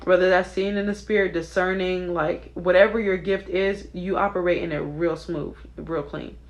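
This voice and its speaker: A woman's voice: on the low side, fairly even intonation, moderate pace, a little hiss or hum, rough recording. A young adult woman talking casually and earnestly to her viewers, giving a spiritual reading with many fillers and asides. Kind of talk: casual devotional talk to viewers.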